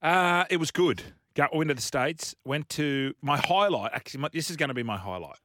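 A man's voice: a little high, animated, a little fast, a bit bright, no room sound. An Australian man co-hosting a casual radio show on a studio microphone, telling rambling stories and chuckling along the way. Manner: rambling anecdotal storyteller who chuckles mid-story. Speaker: radio co-host.

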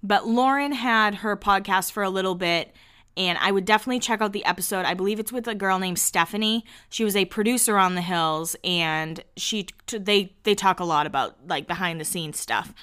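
A woman's voice: medium pitch, brisk, a bit bright, clear, resonant tone. A woman hosting a podcast, casually recapping a show in chatty talk full of "like" and acted-out quotes. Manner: chatty, peppered with "like", acts out quotes.

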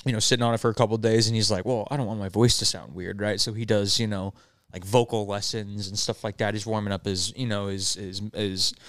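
A man's voice: fairly low pitch, clean tone, no echo, studio quality. A young man, podcast host, telling a story in casual chat and acting out the characters' lines. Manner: animated, acts out the characters' lines.

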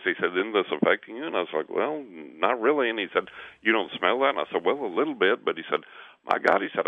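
Over what sounds like a tinny phone line into a radio show, a very low, creaky male voice comes through dry and close with no echo. He's animatedly recounting something that happened to him, performing the quotes, repeating words, and breaking into laughter between phrases.

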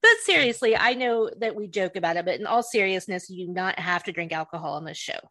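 A woman's voice: lowish voice, fast talker, bright, forceful tone, no room sound, clean studio sound. A woman hosting a podcast in casual chat, chatty and laughing often. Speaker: podcast host.

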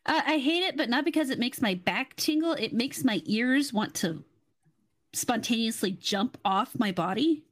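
Woman, podcast guest, dry sardonic humor, a bit high-pitched. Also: normal speed. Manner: sardonic, deadpan jokes. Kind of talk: casual podcast chat.

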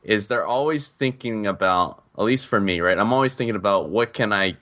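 A man's voice: lowish voice, fairly quick, fairly bright tone. A man co-hosting a podcast in casual chat, laughing often and asking rambling questions. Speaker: podcast co-host.

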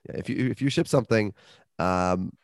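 Speaking at normal speed in a fairly low voice, this man co-hosts a podcast and jokes his way through a casual ad read and sports talk, lively and rambling. The sound is dry, with studio quality.

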